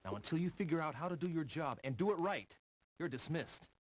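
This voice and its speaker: A stern male commander from a 1990s full-motion video game. He scolds in clipped orders, his pitch rising and falling widely. The voice sits slightly above average for a man. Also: expressive, brisk, poor audio.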